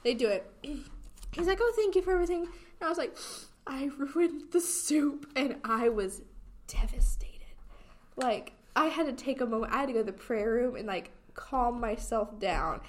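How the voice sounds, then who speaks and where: A young woman co-hosting a podcast, telling a story in an animated way and laughing as she goes. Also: a little high, a little fast. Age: young adult. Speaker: podcast co-host. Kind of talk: casual chat.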